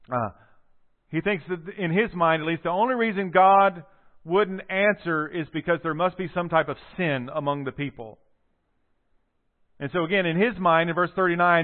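Animated male preacher on tinny audio. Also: fairly high pitch. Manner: animated storytelling, voices the figures' quotes. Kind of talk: sermon.

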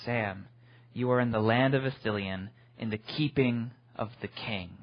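A man voicing an old, wise male wizard in a low, hushed, soothing voice. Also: normal speed, dull audio, lightly acted.

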